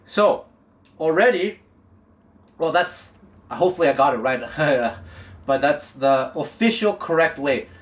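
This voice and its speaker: A man's voice: fairly high pitch, animated, measured pace, pauses often. Chatty man in an echoey room. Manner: chatty and digressive, many restarts. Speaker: jazz guitar teacher. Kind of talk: casual talk to camera.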